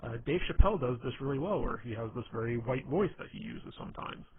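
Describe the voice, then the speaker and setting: A man's voice: medium pitch, expressive, fast talker. Casting: man with an average voice, chatty advice presenter, lots of fillers, faint hiss. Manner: rambling, heavy with fillers like "you know". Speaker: dating and humor advice presenter. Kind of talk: casual instructional talk. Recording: tinny phone-like line, faint hiss.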